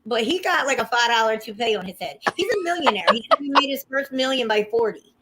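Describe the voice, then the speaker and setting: An excitable woman, gossiping on a casual livestream. Her voice sits a little high, and she swears freely while she talks straight to her viewers. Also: quick pace, heavy background noise. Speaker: livestream host. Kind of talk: casual chat.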